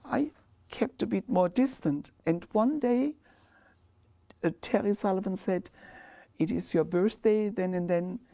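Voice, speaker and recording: A woman's voice: medium pitch, gravelly, dark tone. A woman with a German accent and German as her first language, a former principal, speaking thoughtfully in an interview. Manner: earnest, reflective, careful phrasing. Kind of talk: reflective interview.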